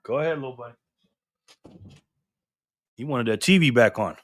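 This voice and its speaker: An older man hosting a casual live stream, reading comments aloud in a chatty, excitable way. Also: medium pitch, moderate pace, no room sound. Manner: chatty, excitable, laughs often.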